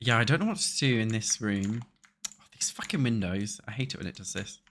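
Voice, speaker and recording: A man's voice: fairly low pitch, lively intonation, fairly quick, fairly bright tone, slight background noise. A young British man streaming a building game, chatting casually with viewers and swearing freely. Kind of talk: casual chat while playing a building game.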